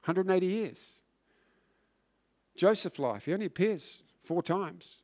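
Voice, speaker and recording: A man preaching a sermon, earnest and emphatic, often restarting words and swinging from loud to hushed. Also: high voice, animated, measured pace. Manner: frequent word restarts.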